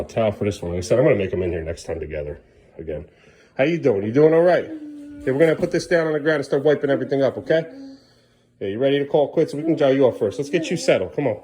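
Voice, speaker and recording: Man, parent vlogger at home; lively, swooping pitch; coaxes toddlers, drops low asides to camera. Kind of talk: casual home vlog. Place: home bathroom.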